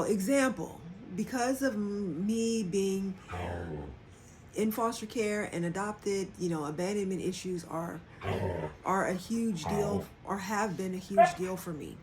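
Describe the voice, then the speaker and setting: A woman's voice: medium pitch, background noise. A woman hosting a livestream, talking candidly and casually about her own experience, and acting out quoted dialogue in changed voices. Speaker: livestream host. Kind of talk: casual personal reflection.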